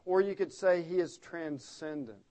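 A man's voice: fairly high pitch, normal speed, mellow. A man preaching an expository sermon, explaining the text earnestly and stressing key words by repeating them.

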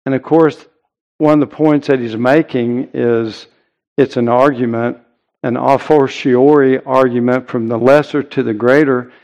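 Slow, earnest male preacher. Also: medium pitch, steady tone, darkish tone, muffled recording. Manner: earnest, emphatic preaching with deliberate pauses. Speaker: pastor. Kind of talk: sermon.

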